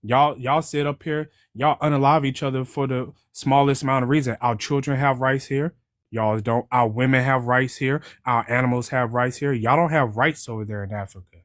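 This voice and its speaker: Male caller, emphatic and argumentative, mid-pitched voice, dry close sound. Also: fairly even intonation, normal speed, fairly bright tone, no room sound. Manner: emphatic, repeats "okay?". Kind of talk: heated livestream call-in.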